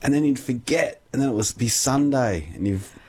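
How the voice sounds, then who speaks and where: A man's voice: medium pitch, moderate pace, a little mellow, slightly rough. A man with an Australian accent hosting a radio show, chatting casually and reading listener texts with a laid-back, chuckling manner. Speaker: radio host.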